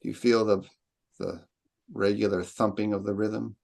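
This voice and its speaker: A man's voice: on the low side, level tone, normal speed, creaky, a little mellow. A man leading a seminar discussion, thinking aloud and reciting lines with exaggerated stress. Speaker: lecturer.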